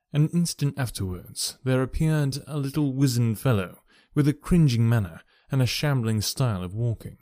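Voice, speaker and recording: Male narrator, measured storybook reading, mid pitch, dry close studio sound. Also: lively intonation, mellow, no room sound. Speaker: audiobook narrator.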